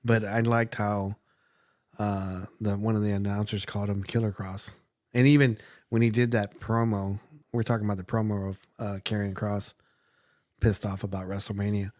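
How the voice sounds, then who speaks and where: A man's voice: lowish voice, flat delivery, moderate pace, darkish tone, no echo, clean studio sound. A man co-hosting a podcast, casually recapping comic storylines with lots of fillers. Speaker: podcast co-host.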